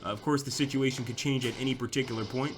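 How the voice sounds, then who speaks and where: A man's voice: medium pitch, steady tone, fast, noisy background. A young man giving casual, chatty commentary over a strategy war game, thinking aloud with fillers and restarts. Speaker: gameplay commentator.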